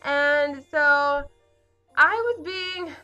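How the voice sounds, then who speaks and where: Bright high-voiced bubbly teen girl. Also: drawn-out words, soft background music. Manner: bubbly, giggly, lots of fillers like um and like. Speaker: vlogger. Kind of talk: casual storytime chat.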